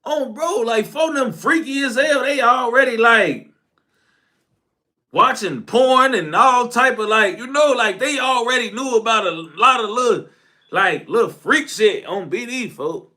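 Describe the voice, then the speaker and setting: A man telling a casual story, slang-heavy and profane, jumping from shouted outbursts to low mumbled asides. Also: expressive, measured pace.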